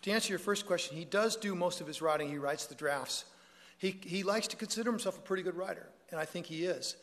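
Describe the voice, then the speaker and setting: Long reverb from a large hall surrounds a man giving a public talk to an audience there. His voice is high and a bit bright, he talks fast, and his conversational delivery includes joking asides and self-corrections.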